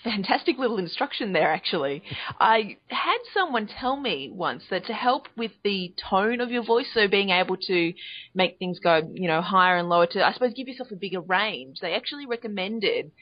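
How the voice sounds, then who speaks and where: A woman's voice: medium pitch, lively intonation, normal speed. Enthusiastic woman podcast host, playful, lo-fi sound. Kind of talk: conversational interview.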